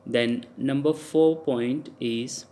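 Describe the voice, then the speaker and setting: Slow, patient Indian English teacher. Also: male voice, mid-range voice, steady tone, dark tone. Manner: slow, repetitive, spells out letters and repeats example words. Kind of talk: recorded lecture on French pronunciation.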